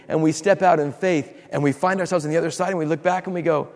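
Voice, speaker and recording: Pastor preaching in an echoing hall. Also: male voice, high-pitched, fairly quick, few pauses. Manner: preaching with acted-out quotes and emphatic repetition. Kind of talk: sermon.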